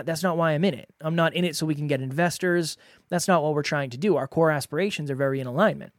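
Speaking earnestly and conversationally, a man hosts a solo advice podcast, circling back to repeat his points. His voice sits a little high, and the sound is dry and close with no room echo.

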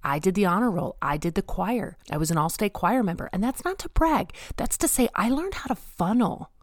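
A woman's voice: mid-range voice, no echo, clean studio sound. A woman giving a personal faith testimony, talking earnestly to her listeners and stressing points through repetition. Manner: addresses listeners directly. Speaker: speaker sharing her faith story.

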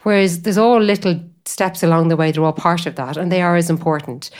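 A woman with a notably low voice talks through faith and daily life in an easy, conversational way. She rambles as she thinks, filling pauses with "you know" and "um". Her tone stays unscripted and chatty. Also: steady tone, darkish tone. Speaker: guest speaker on faith. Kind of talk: conversational spiritual talk.

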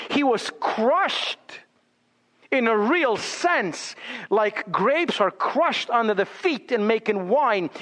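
A male pastor preaching a sermon in a church sanctuary, emphatic and deliberate, often dropping to a hushed tone. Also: high voice. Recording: long hall reverb.

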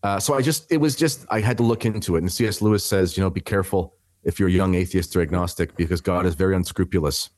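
A man's voice: low voice, fast talker, hardly any pauses, a little mellow, no echo. A man in his thirties from Canada, a podcast guest telling his story in a rambling, conversational way, full of restarts and fillers.

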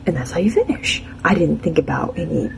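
A woman's voice: low-pitched, lively intonation, a little fast, vocal fry, noisy background. A young adult woman telling a casual personal anecdote in a chatty, frank and self-mocking way. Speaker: storyteller.

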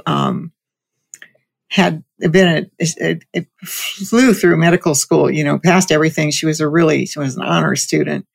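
A woman with a strongly gravelly, fry-laden voice relates a story in relaxed conversation. She stumbles and repeats words as she goes, slipping in a light laugh now and then. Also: sits low. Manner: frequent restarts and repeated words.

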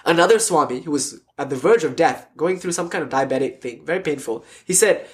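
A man speaks in a fairly high voice, teaching a spiritual lecture. He tells stories with energy and at times sinks to a hushed, soft delivery. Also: a little fast. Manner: animated, storytelling, drops to soft near-whispers.

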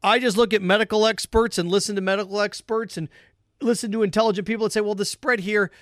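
A man's voice: high voice, fairly even intonation, fast talker, no echo, clean studio sound. A man hosting his own podcast, delivering a sarcastic, repetitive opinion rant straight to his listeners. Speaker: podcast host.

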